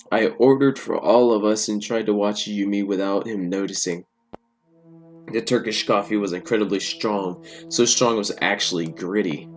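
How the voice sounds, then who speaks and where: A man reading an interactive story aloud and breaking off into loud, exasperated reactions. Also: fairly low pitch. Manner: loud, exasperated outbursts between calm reading.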